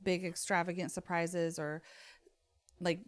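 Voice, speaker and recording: Low-voiced woman telling a story calmly. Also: measured pace. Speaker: podcast co-host. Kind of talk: casual chat.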